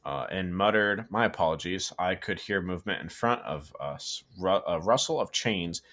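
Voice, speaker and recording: Deep-voiced man reading a horror story. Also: lively intonation, normal speed, a bit bright. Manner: reads aloud with stumbles, self-corrections and casual asides. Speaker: story reader and co-host.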